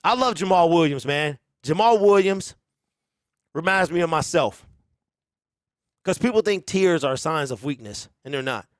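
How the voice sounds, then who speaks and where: A man's voice: fairly high pitch, animated, unhurried, pauses often, no echo, studio quality. Man hosting casual sports talk. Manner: rambling, conversational, emphatic opinions. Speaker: sports show host.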